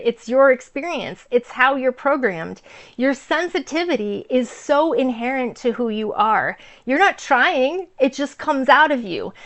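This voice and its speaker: A woman in her forties telling a heartfelt personal story in a casual vlog, earnest and emotional, with frequent fillers and restarts. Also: sits high. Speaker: vlogger sharing personal stories.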